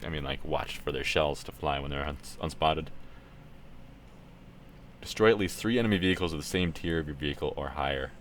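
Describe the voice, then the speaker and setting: A man's voice: a bass voice, brisk, slight background noise. A Canadian man from Ontario streaming a tank game, talking casually and thinking aloud as he plays. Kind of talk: live gameplay commentary.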